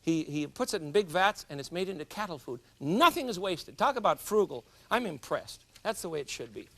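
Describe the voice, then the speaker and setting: Cooking show host, middle-aged man, slightly high and very animated, chatty and self-mocking. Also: a little fast, hardly any pauses. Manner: chatty, jokes with viewers, laughs at himself. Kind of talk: cooking demonstration. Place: studio kitchen.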